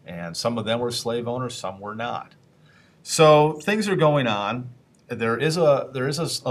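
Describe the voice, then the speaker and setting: Speaking at a medium pitch, this man gives a history lesson in a teacherly, easygoing style. He quizzes his listeners as he goes, and now and then he playfully imitates people from the past before carrying on.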